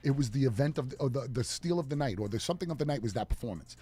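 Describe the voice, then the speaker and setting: A man's voice: medium pitch, animated, racing, dark tone, husky. A man co-hosting a radio talk show, swearing a lot as he rants in casual chat, recorded in a studio. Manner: profane ranting, heated. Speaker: co-host.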